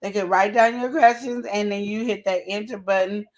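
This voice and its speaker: A co-host of a live relationship advice stream, teasing and bantering quickly. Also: mid-range voice, fairly even intonation. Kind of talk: playful live stream chat.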